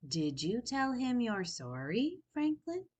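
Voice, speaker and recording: A calm, wise little snail, as a woman reads it, gentle and unhurried, asking its questions quietly. Slow and soft in a storybook. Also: on the high side, pitched above the performer's own voice, heavily acted.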